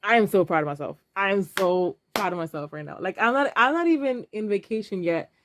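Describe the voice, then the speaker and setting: A woman's voice: mid-range voice, animated, fairly quick, slight background noise. A woman in her thirties, talking casually and emotionally to camera while counting cash aloud. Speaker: vlogger.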